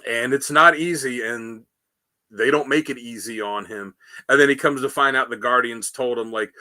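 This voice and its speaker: Bright-voiced man chatting about comics. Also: mid-range voice, moderate pace. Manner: rambling, animated retelling with many fillers. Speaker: podcast host. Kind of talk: casual comic book discussion.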